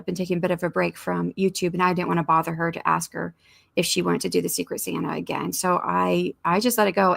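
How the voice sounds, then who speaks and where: A woman's voice: fairly low pitch, gravelly. A woman hosting a writing sprint livestream, chatting casually and rambling as she reads viewer comments aloud.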